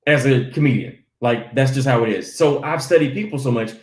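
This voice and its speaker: Fast-talking man in an echoey room. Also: medium pitch. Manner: animated storytelling with acted quotes. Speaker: guest comedian. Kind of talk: casual chat.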